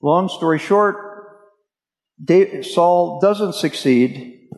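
Male preacher, slightly raised pitch, relaxed storytelling sermon, reverberant hall. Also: very slow. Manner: casual storytelling, addresses listeners as guys.

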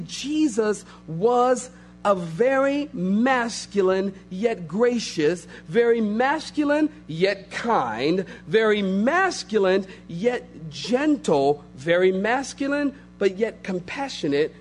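A man's voice: high voice, a little hiss or hum. A man preaching a sermon as pastor, emphatic and repetitive, building phrase upon phrase.

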